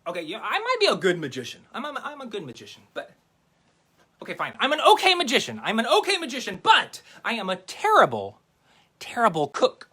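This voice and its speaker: A playful man hosting a kids' magic show, his voice bright and bouncing all over the place. He clowns around and teases himself while chatting directly with young viewers. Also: high voice, wildly swooping pitch, a little fast, slightly rough. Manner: goofy, playful, self-mocking, addresses kids directly. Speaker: children's magician.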